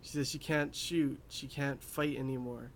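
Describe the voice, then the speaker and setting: A man's voice: medium pitch, fairly even intonation, moderate pace, slight background noise. Rambling young man recapping an anime. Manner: rambling, many fillers, laughs at his own asides. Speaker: anime reviewer. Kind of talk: casual episode recap.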